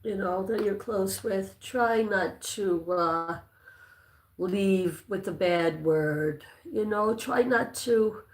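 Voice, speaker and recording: A woman's voice: medium pitch, slow pace. Chatty woman in an echoey room. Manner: rambling, personal, with many fillers and restarts. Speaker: livestream host. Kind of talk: casual livestream storytelling.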